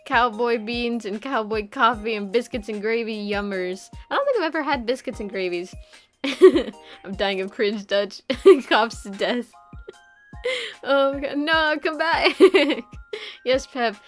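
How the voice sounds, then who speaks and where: A woman's voice: fairly high pitch, unhurried, faint music behind. Giggly young woman streamer, rambling. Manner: giggly, rambling, many fillers. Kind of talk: casual live-stream chat.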